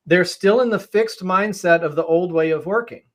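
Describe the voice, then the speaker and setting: A man's voice: high-pitched, moderate pace. A man on a webinar panel giving emphatic, persuasive answers about agile leadership, often repeating words as he starts a thought.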